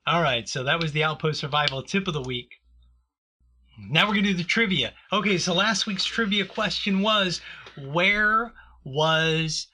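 A man's voice: on the high side, sharp tone, a little hiss or hum. A man hosting a casual, joking chat with a co-host, laughing often.

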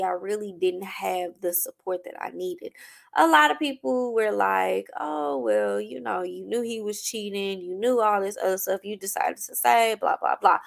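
A woman's voice: medium pitch, creaky. A young adult woman hosting a talk show, telling her own story candidly and heartfelt, with emphatic repetition. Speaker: podcast host.

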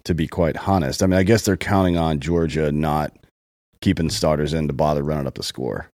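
A male co-host with a very deep voice, chatting about college football in a laid-back, wry way. The sound is dry and close, with no room around it. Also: steady tone, brisk, a little mellow, no room sound. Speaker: podcast co-host. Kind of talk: casual sports chat.

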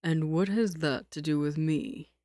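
A woman voicing a cold, short-tempered young man who talks in a flat, clipped, suspicious way. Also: sits low, a little slow, dry recording, clean studio sound.

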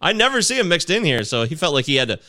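A man hosting a casual podcast chat, reading film reviews aloud and breaking into excited yelps. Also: fairly high pitch, very fast. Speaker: podcast host.

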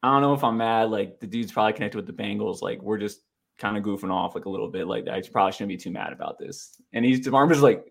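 A young man co-hosting a podcast, telling a self-deprecating story in a rambling, animated way with lots of filler words. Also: lowish voice, quick pace, vocal fry. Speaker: podcast co-host. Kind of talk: casual storytelling chat.

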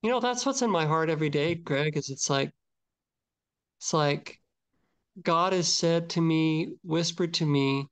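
A man's voice: a little high, unhurried, smooth. An older man co-hosting a podcast, talking in a reflective, searching and hesitant way about faith. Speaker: podcast co-host. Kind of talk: casual faith talk.

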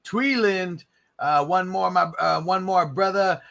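A man hosting a casual live stream, answering viewers and giving hyped shout-outs. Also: sits high, unhurried, gravelly. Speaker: livestream host.

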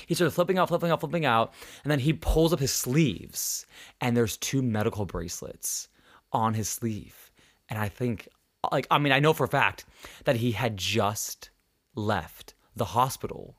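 A man's voice: mid-range voice, moderate pace. A young man hosting a podcast, telling stories in casual chat, swearing and acting out the people he quotes. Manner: animated, swearing, acts out quotes. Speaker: podcast host.

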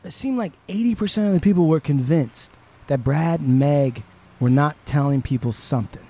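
A podcast host tells a story in a loose, chatty way, full of casual swearing. His voice sits fairly high for a man, and he keeps the telling animated. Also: moderate pace. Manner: profane, animated retelling.

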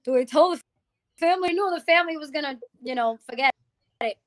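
A woman from the Bronx, giving a lively personal testimony as an interview guest and acting out the people she quotes. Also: sits high, quick pace. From the Bronx, New York. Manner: animated storytelling, acting out quoted people, calls the host "girl". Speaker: guest, music founder.

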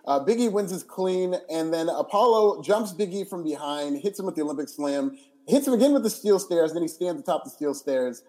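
A man's voice: on the high side, expressive, fairly quick, darkish tone. A man co-hosting a casual podcast chat, eagerly recapping events and giving his opinions.

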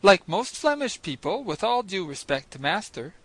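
A man's voice: high voice, sing-song, normal speed, fairly bright tone, heavily acted. A man doing a serene, deferential servant. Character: calm, philosophical male servant, young adult.

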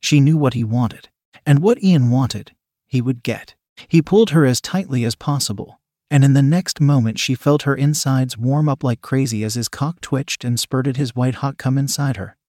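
A man reading a story aloud in a steady, scripted narration style. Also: mid-range voice, normal speed, no echo, studio quality.

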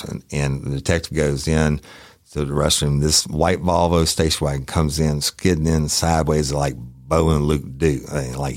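Very deep-voiced man telling stories. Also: dry recording, studio quality. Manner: profane, rambling, folksy. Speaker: podcast host, former detective. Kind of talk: casual storytelling.

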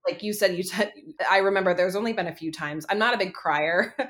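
A woman's voice: lowish voice, a little fast, a bit bright. A woman in her thirties hosting a casual parenting podcast, chatty with many fillers and restarts. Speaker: podcast host.

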